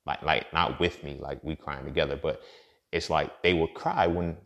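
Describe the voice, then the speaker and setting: A man's voice: a bass voice, steady tone, normal speed, fairly bright tone. A man talking in a casual, profane, preachy monologue, full of fillers and asides as he hosts his podcast. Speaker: podcast host.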